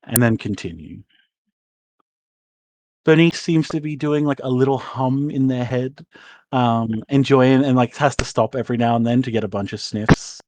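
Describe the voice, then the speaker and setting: A man's voice: mid-range voice, moderate pace, darkish tone, a little hiss or hum. A man narrating as game master in a loose, rambling way, swearing casually.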